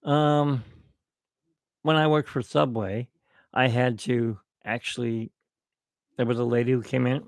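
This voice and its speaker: Gravelly-voiced man rambling on a live stream. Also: mid-range voice, steady tone, measured pace, pauses often, no room sound, studio quality. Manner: rambling, joking, self-mocking. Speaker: YouTube channel host. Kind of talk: casual live stream chat. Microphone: desk microphone.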